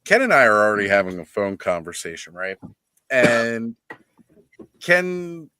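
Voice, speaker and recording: A man hosting a casual live-stream chat, telling a funny story in an animated way and laughing as he goes, over a video call. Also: on the low side, unhurried, clean tone, dry recording. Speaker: host of a toy-collecting live stream.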